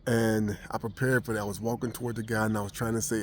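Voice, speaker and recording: A man's voice: lowish voice, steady tone, rapid-fire, slight background noise. An American man vlogging, telling a personal story casually with many restarts and fillers. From United States.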